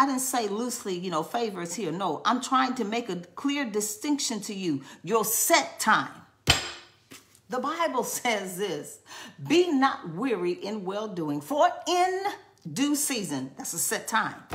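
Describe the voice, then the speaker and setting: A woman preaching a charismatic sermon, fervent and repetitive, breaking into tongues. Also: fairly high pitch.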